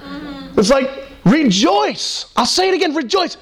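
A man delivering a lively sermon, his voice sitting high and leaping higher when he presses a point. He slips into quoted voices and back, keeping the preaching animated throughout. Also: normal speed. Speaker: pastor.

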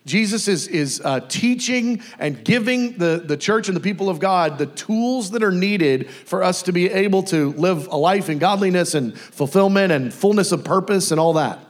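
A man giving a casual, conversational sermon, often acting out lively bits of dialogue. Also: high voice, normal speed, hardly any pauses. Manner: casual, animated, acts out dialogue. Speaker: preacher.

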